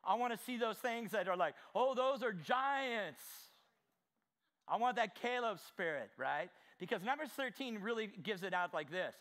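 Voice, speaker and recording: A man preaching a sermon with fervor, asking the congregation direct questions and swinging from quiet asides to shouted exclamations. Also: sits high, expressive, brisk, hardly any pauses. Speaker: pastor.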